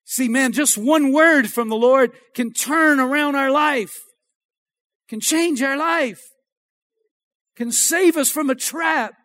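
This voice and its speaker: A pastor preaching to his church in a strikingly high voice. He calls for amens in call-and-response style and rises to shouts. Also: takes it slowly, long pauses. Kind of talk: sermon. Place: church sanctuary.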